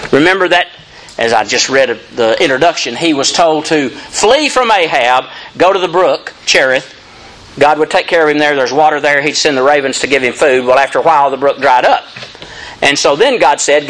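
In a poorly recorded clip, a man with a medium-pitched, fairly bright voice preaches an expository sermon. He reads scripture with drama, speaks straight to the congregation, and lifts his lines emphatically.

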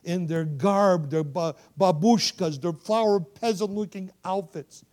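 A man delivers a sermon as a missionary, with a fairly high voice. He tells his story in bursts, getting loud at the high points and quiet at the tender ones, and often turns to the audience to ask if they remember. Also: unhurried. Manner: animated, swings from loud to hushed, asks the audience to remember. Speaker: missionary preacher. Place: church.

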